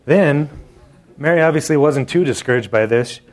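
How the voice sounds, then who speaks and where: A man's voice: on the high side, moderate pace. Guy preaching a sermon, chatty and jokey, talks right to the crowd. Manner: conversational and joking, addressing the congregation directly.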